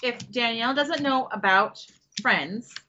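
A woman's voice: on the high side, measured pace, a crowd in the background. A woman co-hosting a radio call-in show, playful and teasing. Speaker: radio co-host. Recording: dull lo-fi radio audio.

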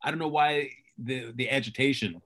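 A man's voice: mid-range voice, moderate pace, fairly bright tone. A man joining a casual podcast chat, easygoing and speculating about plots.

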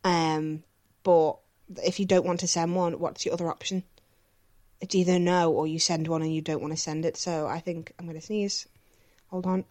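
A woman's voice: fairly low pitch, flat delivery, moderate pace, darkish tone, slight background noise. A woman co-hosting a casual chat podcast, reading out listener questions and answering them frankly with plenty of swearing and filler words.

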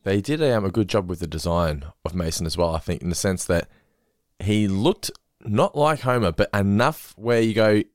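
A man's voice: fairly low pitch, moderate pace, dry recording, studio quality. A young man co-hosting a podcast, rambling casually about an episode with many fillers. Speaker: podcast co-host. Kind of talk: casual chat reviewing an episode.

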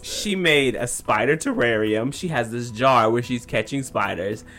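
A man co-hosting a podcast, recapping a reality show in an animated, gossipy way. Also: medium pitch, a little slow. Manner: animated, gossipy storytelling with frequent laughs. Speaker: podcast co-host.

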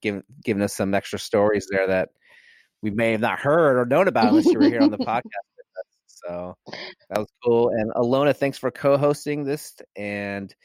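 A man hosting a podcast, asking easygoing questions with halting restarts. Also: lowish voice, very animated, a little mellow, dry recording. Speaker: podcast host. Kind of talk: casual podcast interview.

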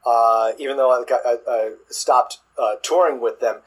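A man, a drummer, chatting in an interview, halting with many restarts and fillers. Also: medium pitch, steady tone, breathy edge, rough recording. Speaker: guest drummer. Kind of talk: casual interview chat.

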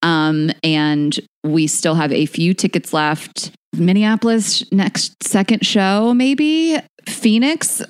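Low-voiced woman podcast co-host. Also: slow pace, few pauses, clear, resonant tone. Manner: chatty, laughs often, rambling. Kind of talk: casual chat.

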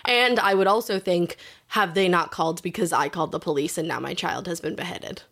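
A woman with a somewhat low voice, chatting on a true-crime podcast. She reacts with strong emphasis and puts herself in the situation she is talking about. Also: fairly quick, fairly bright tone. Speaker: podcast co-host. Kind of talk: casual true-crime chat.

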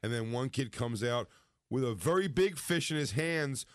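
A man's voice: mid-range voice, normal speed, no room sound, clean studio sound. A comedian telling a funny story in a casual chat, acting out the people he quotes. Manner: animated, acts out quotes with laughter. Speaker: comedian guest.

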